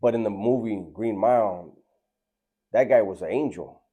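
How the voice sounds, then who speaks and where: Man, low-pitched, casual earnest storytelling. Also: moderate pace, breathy edge, lo-fi sound. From Southern California. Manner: laid-back, slangy, earnest.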